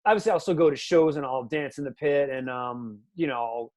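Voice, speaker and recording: A man's voice: mid-range voice, normal speed, a little mellow. A man in his thirties hosting a podcast in casual chat, rambling and loose, with lots of "like" and "you know". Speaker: podcast host.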